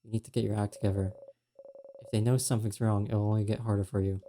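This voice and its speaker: A man streaming a game, reading its second-person narration aloud in a quiet, steady way. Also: fairly low pitch, fast talker, slight background noise.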